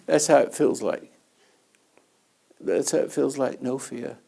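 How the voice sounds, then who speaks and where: Man, gravelly voice, dark mellow tone, rambling storyteller, chuckles between lines. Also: medium pitch, steady tone, a little slow. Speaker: host and spiritual teacher. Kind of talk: storytelling in conversation.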